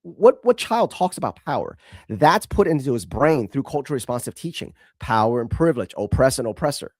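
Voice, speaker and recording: An emphatic man hosts a commentary show, picking apart a video clip with scorn and heavy repetition. His pitch swings widely as he talks, and the sound is close and dry. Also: big pitch swings, fairly quick, darkish tone, no echo. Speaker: host.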